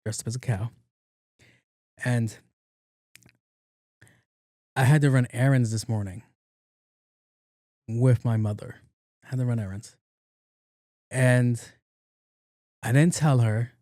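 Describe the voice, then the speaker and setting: A man's voice: mid-range voice, takes it slowly, long pauses, dark tone, no room sound, studio quality. A young adult man hosting his own podcast, telling funny stories in a casual, joking way and acting out both sides of the conversations. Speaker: podcast host. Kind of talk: casual solo podcast monologue.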